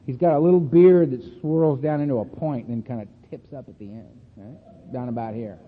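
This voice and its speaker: A man sharing stories as a speaker at a recovery meeting, animated and chatty, often laughing and tagging his lines with "man" and "right?". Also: medium pitch, fairly quick. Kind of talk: storytelling talk. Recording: echoey hall over a tinny phone-like line.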